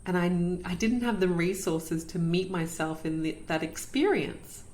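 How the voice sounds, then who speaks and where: This is a woman in her thirties hosting a podcast and sharing a personal story. Her voice sits slightly low, and she speaks earnestly and reflectively, often repeating words for emphasis. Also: a little slow, darkish tone.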